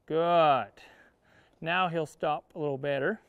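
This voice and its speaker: Cowboy trainer guy talking from the saddle, higher voice, smooth and clear, dry close sound. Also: normal speed, dry recording, dull audio. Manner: talks while riding, coaching the horse and viewers; plain-spoken cowboy talk. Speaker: horse trainer. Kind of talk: instructional riding lesson. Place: outdoor riding arena.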